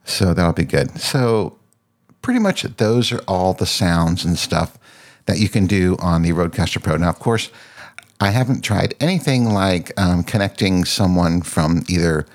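A man hosting a podcast, casually demoing his gear into a boom-arm microphone at his desk. He rambles, breaks off mid-sentence and searches for words. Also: measured pace, creaky. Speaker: podcast host. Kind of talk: casual gear demo chat. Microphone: dynamic mic on a boom arm.

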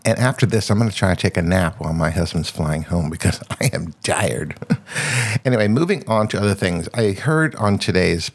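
A man's voice: low voice, animated, normal speed. A man hosting his own podcast, talking alone in a rambling, chatty way and laughing often. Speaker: podcast host. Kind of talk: casual solo podcast chat.

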